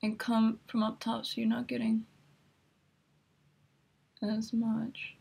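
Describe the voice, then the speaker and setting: A woman's voice: on the high side, monotone, slow pace, gravelly, warm tone, breathy edge. A woman hosting a makeup tutorial, chatty and instructive as she talks through each step while demonstrating.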